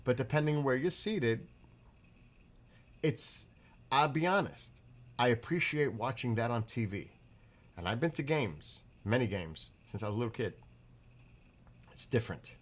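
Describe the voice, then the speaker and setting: A man's voice: medium pitch, unhurried, pauses often. Middle-aged man, casual rambling storyteller, salty language, mid-range voice, loose delivery. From northeastern US. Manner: rambling, profane, animated retelling. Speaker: vlogger telling stories.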